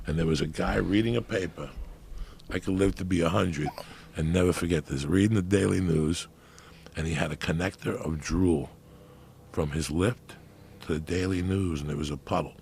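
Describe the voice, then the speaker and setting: A man in his fifties telling a loud, profane story in casual conversation, often breaking into laughter. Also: sits low, moderate pace, creaky, slight background noise. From New Jersey. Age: 50s. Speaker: comedian guest.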